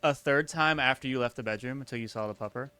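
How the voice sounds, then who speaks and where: A man's voice: medium pitch, fast, sharp tone, clear, resonant tone. A young man co-hosting a podcast, joking in casual chat and acting out little scenes. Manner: joking, acts out scenes in big put-on voices. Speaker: podcast co-host.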